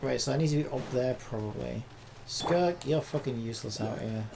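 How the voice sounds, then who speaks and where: A man's voice: mid-range voice, moderate pace, creaky, background noise. A man streaming a game, ranting at it in sarcastic, profane commentary.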